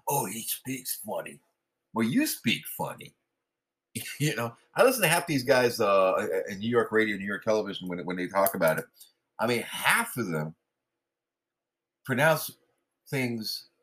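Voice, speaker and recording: Blunt, rambling podcast host, low-voiced man. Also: fairly bright tone. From West Coast of the US. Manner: blunt, rambling, sarcastic, with repeated filler. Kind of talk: opinionated political monologue.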